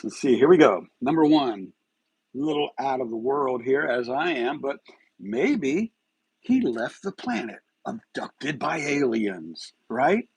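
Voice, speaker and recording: A man's voice: medium pitch, very animated, slow, breathy edge, no echo, low-quality recording. A man hosting a live stream of true-crime commentary, agitated and firing rhetorical questions.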